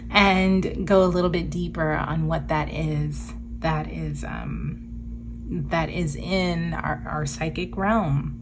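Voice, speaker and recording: Low-pitched woman giving a casual tarot reading. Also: background noise. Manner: reflective, laughs easily, reads card text aloud. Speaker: tarot reader.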